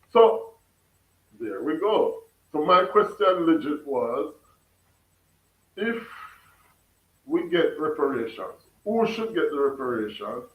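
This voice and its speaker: A man's voice: a little high, animated, unhurried, long pauses, recorded from a distance, phone-quality sound. A man with a Jamaican accent hosts a casual livestream, reading his chat aloud, laughing often and putting questions back to his viewers. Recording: echoey room, away from the mic.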